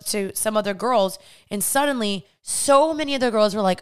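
A woman's voice: on the high side, brisk, few pauses, smooth. A young woman podcast host telling a personal faith testimony in a candid, earnest, chatty way.

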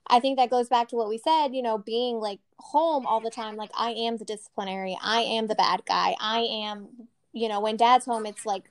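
A woman's voice: a little high, steady tone, moderate pace. Chatty woman who says "like" a lot. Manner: chatty, fills talk with "like", laughs often. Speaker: podcast co-host. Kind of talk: casual chat.

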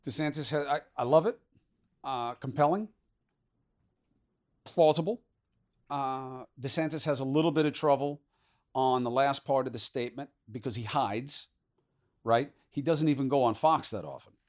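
A man hosting a podcast interview, talking in a quick, conversational way with many fillers. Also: medium pitch. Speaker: podcast host.

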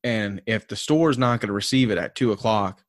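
A man with a Southern American accent hosts a casual podcast, speaking at a normal pace in a fairly low voice. His storytelling rambles, is profane, and is packed with "like" and frequent laughter. The recording is studio quality with no echo.

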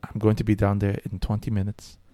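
A man's voice: fairly low pitch, monotone, fast, mellow, no room sound, close to an everyday voice. A man voicing a stern, no-nonsense German woman teacher in her fifties, talking curt and bossy in a German accent. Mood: commanding. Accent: German, put on.

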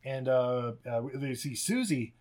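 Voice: medium pitch, lively intonation, measured pace, a little mellow. A podcast co-host recapping a movie in casual chat, rambling and profane, often laughing and acting out characters.

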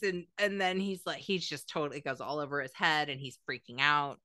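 A woman's voice: low-pitched, animated, a little fast, few pauses, sharp tone, no echo, studio quality. A woman hosting a podcast, chatting casually in a rambling way and laughing often. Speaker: podcast host. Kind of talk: casual chat.

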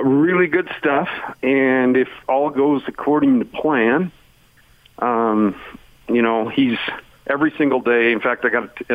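A man's voice: mid-range voice, dry recording. Man talking sports over a phone line. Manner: rambling, heavy on "you know" fillers. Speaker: basketball analyst, former coach. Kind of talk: sports radio chat.

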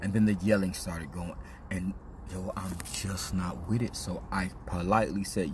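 A man's voice: deep voice, fairly even intonation, moderate pace, a little mellow, a little hiss or hum. A man hosting a podcast, telling a personal story in a casual, slang-heavy, confessional way. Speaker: podcast host. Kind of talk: candid storytelling monologue.

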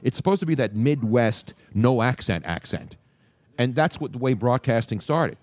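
A man's voice: mid-range voice, lively intonation, normal speed, a little mellow, no room sound. An older man who grew up in South Philly, a sports radio host with trained neutral broadcast diction and a faint Philadelphia accent, chatting casually and animatedly on a live show. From USA, South Philly.

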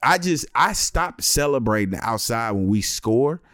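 A man's voice: mid-range voice, a little slow, dry recording, studio quality. A man in his thirties telling a comic story in casual chat and acting out the other people in it. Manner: animated, acts out other people's lines.

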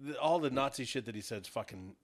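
A man co-hosting a podcast in casual chat, a provocative joker and animated storyteller. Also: medium pitch, brisk. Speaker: podcast co-host.

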